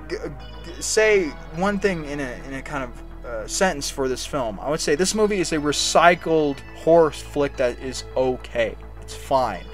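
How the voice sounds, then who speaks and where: A man's voice: sits high, a bit bright. A young man giving a casual, unscripted movie review, talking bluntly and rambling with frequent restarts and filler words. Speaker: film reviewer.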